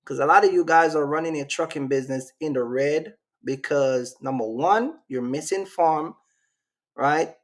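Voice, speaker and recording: A Jamaican man with a Jamaican accent hosts a casual livestream, rambling in slang and reacting to his live chat. His voice is on the high side, at normal speed.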